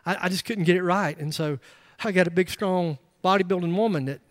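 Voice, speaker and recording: A middle-aged male pastor preaching a sermon, emphatic, swinging into loud bursts and joking asides. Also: high-pitched, fairly quick, dry recording, clean studio sound.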